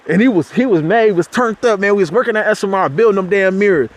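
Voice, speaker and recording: A man giving an impassioned spiritual talk, loose and conversational, with slang and restarts. He climbs sharply in pitch whenever he drives a point home. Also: quick pace, hardly any pauses. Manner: preachy, rises sharply in pitch when making a point. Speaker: motivational speaker.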